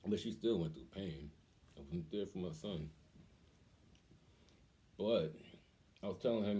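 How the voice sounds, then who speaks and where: A man casually telling a story on his vlog, animated and acting out the voices of people in it. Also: sits low, measured pace, long pauses. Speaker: cooking vlogger.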